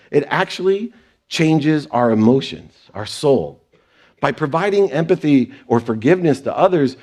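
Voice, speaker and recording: A man's voice: medium pitch, a little mellow. A man with a mid-range voice gives a motivational talk on stage before an audience. He tells personal stories and briefly slips into other people's voices when he quotes them. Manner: storytelling, quoting others in brief put-on voices. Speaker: speaker.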